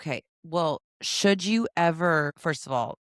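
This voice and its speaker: A woman's voice: sits low, unhurried, no room sound, clean studio sound. A woman in her thirties co-hosting a casual podcast, teasing and telling stories with animation. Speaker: podcast co-host. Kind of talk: casual chat.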